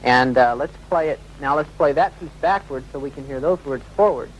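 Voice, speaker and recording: A man's voice: medium pitch, fairly quick, slight background noise, low-quality recording. A man working as a radio DJ, explaining on air and talking listeners through audio clips.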